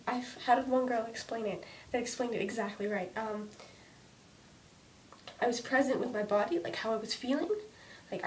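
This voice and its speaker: Anxious young woman ranting to camera. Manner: halting, restarts often, many "like"s. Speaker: vlogger. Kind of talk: emotional personal vlog rant. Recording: distant mic with faint rumble.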